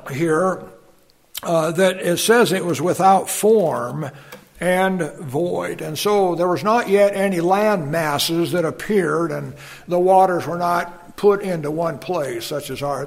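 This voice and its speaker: Male pastor, high voice, gravelly, unhurried sermon with folksy asides. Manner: unhurried preaching with fillers, reads scripture aloud, folksy asides.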